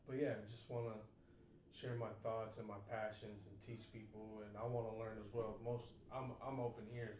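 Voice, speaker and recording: A man co-hosting a casual podcast chat, speaking in an earnest, halting way with many restarts. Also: fairly low pitch, flat delivery, a little mellow, slight background noise. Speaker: podcast co-host, uncle. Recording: roomy, distant from mic, faint ambience.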